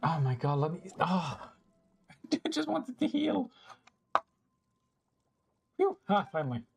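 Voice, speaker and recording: A man's voice: high voice, huge pitch swings, takes it slowly, vocal fry, darkish tone, breathy edge, soft background music. A man streaming a video game, muttering casual commentary and swearing freely when frustrated.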